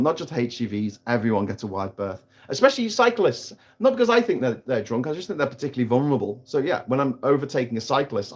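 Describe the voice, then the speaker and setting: A man's voice: mid-range voice, breathy edge. A British man holds forth on a casual live stream, broadcasting from outdoors on an island. He rants with plenty of swearing and keeps restarting his sentences as he gets heated. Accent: British English. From Britain. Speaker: livestream host.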